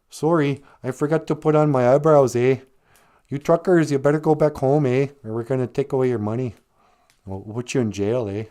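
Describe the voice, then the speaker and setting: A man's voice: medium pitch, darkish tone, natural voice. A man doing a mocking impression of a male politician with a Canadian accent, sing-song and over-apologetic.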